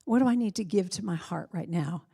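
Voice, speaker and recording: An American woman giving an inspirational Sunday talk in a church sanctuary, earnest and conversational, telling stories with quick asides. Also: fairly low pitch, gravelly, dark tone, slightly rough, no room sound, clean studio sound.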